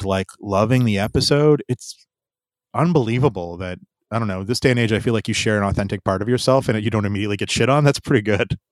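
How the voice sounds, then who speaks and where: A man's voice: on the low side, no room sound, clean studio sound. A man hosting a podcast, chatting candidly with restarts and frequent laughter. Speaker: podcast host. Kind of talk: casual chat.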